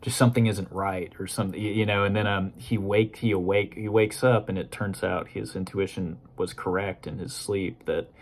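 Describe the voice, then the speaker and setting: A man's voice: low voice, steady tone, moderate pace, few pauses. A man casually talking through a book he read, rambling loosely and hedging often with "you know" and "kind of". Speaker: book discussion host. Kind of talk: casual spoken book review.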